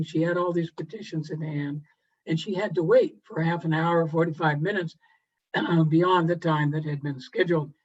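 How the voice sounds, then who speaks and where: Male presenter, fairly high voice, easygoing storyteller who pauses with "uh" a lot, muffled video call audio. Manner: unhurried, with frequent "uh" pauses and throat clearing. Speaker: guest presenter to a garden club. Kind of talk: relaxed storytelling lecture. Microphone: video call microphone.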